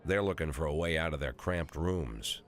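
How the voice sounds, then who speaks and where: A man's voice: very deep voice, moderate pace, a bit bright. An actor in his sixties playing a cynical, aging male police chief, narrating a video game in a dry, crude, world-weary way. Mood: wry. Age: 60s.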